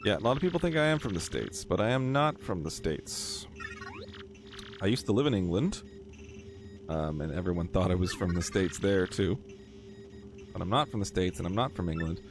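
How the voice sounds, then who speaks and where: A man's voice: low voice, expressive, moderate pace, pauses often, noisy background. A man with a Canadian accent giving chatty, rambling gameplay commentary, laughing easily. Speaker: game streamer.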